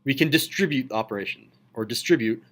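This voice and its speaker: A man's voice: medium pitch, animated, fast talker, a bit bright. Upbeat male math teacher lecturing. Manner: enthusiastic, asks students questions. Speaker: high school math teacher. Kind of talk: classroom lecture. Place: classroom.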